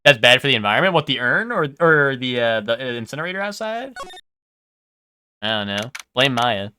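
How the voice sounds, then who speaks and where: A man's voice: mid-range voice, sing-song, moderate pace, pushed and bright, clear, resonant tone. A man chatting casually to his viewers while streaming a video game, rambling and asking them questions. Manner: chatty, rambling, talks to chat.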